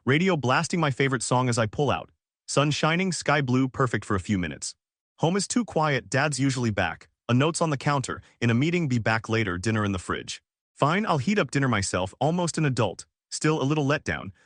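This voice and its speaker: Man narrating a story, lively pitch. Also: a little fast, no echo, clean studio sound. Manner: clipped, fragmentary phrasing, dramatic. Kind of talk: scripted first-person story narration.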